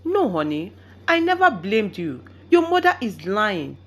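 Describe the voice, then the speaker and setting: A woman's voice: mid-range voice, big pitch swings, a little slow, voice pushed up. A desperate young wife, pleading through tears, as a woman narrator reads her. The voice rises and falls widely and sounds strained with hurt. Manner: pleading, tearful.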